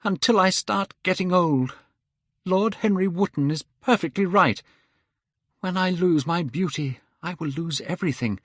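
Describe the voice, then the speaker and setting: A man's voice: high-pitched, a little slow, no room sound, studio quality, voice pushed up. A man voicing a beautiful, vain young man who pleads in anguish. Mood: bitter.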